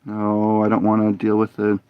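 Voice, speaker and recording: A man's voice: lowish voice, monotone, normal speed, clear, resonant tone, no room sound, narrow, tinny audio. A man streaming a game live, muttering and complaining in frustration as he plays. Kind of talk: live gameplay commentary.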